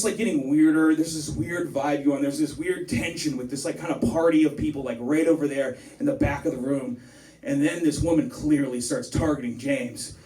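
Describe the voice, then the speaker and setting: A man telling a rambling, profane stand-up story to a live bar audience, getting louder as it builds. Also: mid-range voice. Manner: rambling, swears a lot, builds to excited shouting. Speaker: stand-up comedian. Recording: roomy live bar recording from a distance. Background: audience laughing.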